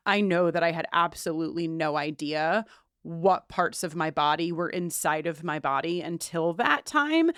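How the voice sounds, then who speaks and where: A woman's voice: fairly low pitch, smooth, no echo, studio quality. A woman co-hosting a podcast, talking earnestly in a casual, emotional way, with many restarts and fillers. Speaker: podcast co-host.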